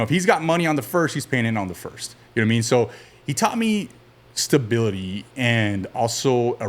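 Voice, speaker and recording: A man speaks as a podcast guest, at an ordinary middle pitch, his stories drifting through fillers and restarts. He talks casually, as if to a friend across the table. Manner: relaxed, rambling, frequent fillers and restarts. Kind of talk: casual storytelling interview.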